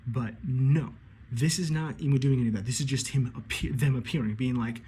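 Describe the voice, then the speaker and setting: A man giving an excitable, casual recap of a comic chapter, acting out the characters' lines and swearing freely. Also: medium pitch, quick pace, slight background noise. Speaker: anime commentator.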